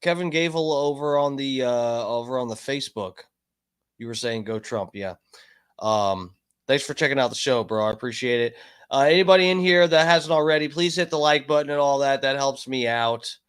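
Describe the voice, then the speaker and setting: A man's voice: medium pitch, fairly quick, fairly bright tone, clean tone. A man hosting a livestream, chatting casually and telling a story in a rambling, profane way with lots of fillers and restarts. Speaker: livestream host. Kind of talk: casual stream chat, storytelling.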